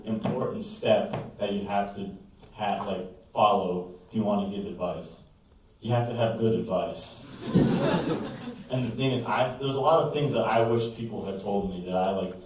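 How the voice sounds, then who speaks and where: A man's voice: lowish voice, darkish tone. A young man doing a stand-up set at a college open mic, rambling and self-mocking with lots of fillers. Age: young adult. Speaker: stand-up comedian. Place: college comedy club room. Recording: echoey room from a distance, noisy.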